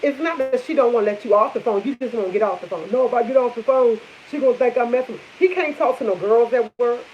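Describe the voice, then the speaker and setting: Young woman vlogger, slightly high, blunt and emphatic; muffled lo-fi audio. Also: fast, a little hiss or hum. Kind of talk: casual chat to camera. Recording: dull lo-fi audio.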